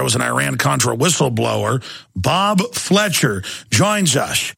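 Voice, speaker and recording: A man's voice: medium pitch, vocal fry, sharp tone, no echo, clean studio sound. A man hosting a talk radio show, ranting sarcastically and acting out little exchanges. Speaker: radio host.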